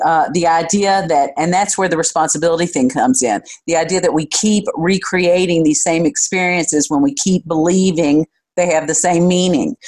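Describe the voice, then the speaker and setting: A woman's voice: deep voice, a little mellow. A woman leading an informal group discussion, encouraging others to share and wrapping up the session.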